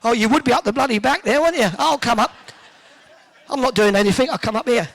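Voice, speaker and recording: A man's voice: very high-pitched, creaky, a bit bright. A man from Hertfordshire, hosting a live event and bantering cheekily with the audience in an indoor hall. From Hertfordshire, England. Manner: joking, teasing, quick with quips. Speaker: host working the audience.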